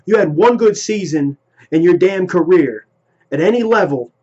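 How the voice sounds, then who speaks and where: A fired-up man vents as a football fan, swearing freely and firing off complaints in quick bursts. His voice sits somewhat high. The sound is muffled and lo-fi. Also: expressive, a little mellow, breathy edge. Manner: heated, profane, rapid-fire ranting. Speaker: sports vlogger. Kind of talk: ranting fan commentary. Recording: lo-fi home recording.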